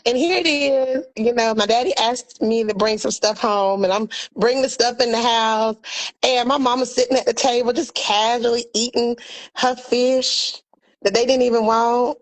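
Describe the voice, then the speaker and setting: Animated woman telling a family story. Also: fairly high pitch, moderate pace, poor audio. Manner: animated, acts out family members' voices. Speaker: podcast co-host. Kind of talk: casual storytelling.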